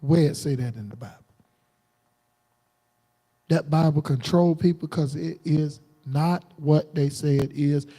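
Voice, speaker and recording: A man preaching a combative, defiant sermon on a livestream, jumping into sudden high outbursts. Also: measured pace, pauses often, mellow. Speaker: preacher streaming live.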